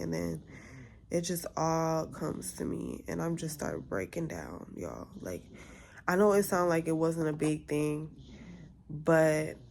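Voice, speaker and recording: A young woman in her twenties vents candidly in a casual storytime vlog, acting out both sides of an argument and quoting others in lively asides. Her voice is low-pitched with vocal fry, and a little hiss or hum sits in the recording.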